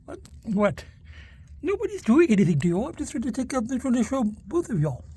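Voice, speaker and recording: A man's voice: very high voice, sing-song, fairly quick, dark tone, husky. Rambling, ranting man on a phone vlog. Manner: rambling, ranting, swears freely. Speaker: vlogger. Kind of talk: casual rambling vlog monologue. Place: outdoors walking, then at home. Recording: noisy outdoor phone recording.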